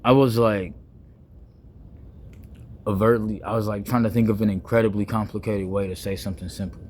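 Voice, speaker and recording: Rambling slangy man, low voice. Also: fairly even intonation, moderate pace, a little mellow, a little hiss or hum. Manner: loose, playful, wordy on purpose, with slang and many restarts. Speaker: vlogger. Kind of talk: rambling casual monologue.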